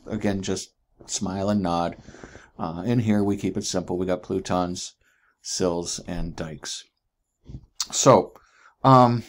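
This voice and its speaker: A deep-voiced man gives a chatty recorded geology lecture, frequently asking "right?" and correcting himself along the way.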